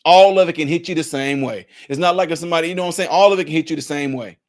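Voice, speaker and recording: A man's voice: on the high side, rapid-fire. A man giving emphatic, preachy spoken commentary, repeating his points to hammer them home. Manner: acts out what others say in put-on voices. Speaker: commentary vlogger.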